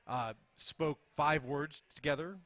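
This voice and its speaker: A man co-hosting a podcast from a bar, introducing guests in a relaxed, teasing way. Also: a little high, slow, dry recording. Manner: relaxed, teasing, often agreeing with short replies. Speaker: podcast co-host. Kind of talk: casual bar chat.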